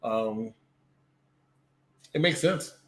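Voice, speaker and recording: A man's voice: a little high, animated, drawn-out words. A man co-hosting a casual wrestling review chat, matter-of-fact and teasing. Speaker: podcast co-host. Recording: echoey room.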